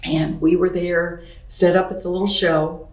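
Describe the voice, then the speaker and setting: Middle-aged woman, lowish voice, earnest storyteller with many asides, roomy echo. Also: flat delivery, a little slow. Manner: earnest, many "I mean" asides, acts out quoted speech. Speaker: interview guest, painter. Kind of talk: personal storytelling in an interview.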